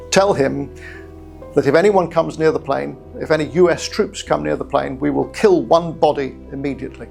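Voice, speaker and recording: A middle-aged man with a British accent, telling his own story in a measured, reflective way with hesitant restarts. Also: medium pitch, vocal fry, darkish tone. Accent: British English. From England. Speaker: guest storyteller. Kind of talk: personal story told to camera.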